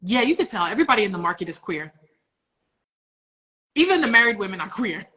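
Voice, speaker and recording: A woman's voice: medium pitch, very animated, brisk, sharp tone. A woman co-hosting a podcast, chatting playfully and acting out little scenes as she talks. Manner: playful, dramatizing with quoted voices. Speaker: podcast co-host. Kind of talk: casual chat.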